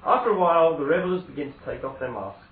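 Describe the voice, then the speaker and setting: A man's voice: on the high side, expressive, fast. Man narrating as game master over a tinny line. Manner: conversational, with hesitations and self-corrections. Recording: echoey, distant, phone-like sound.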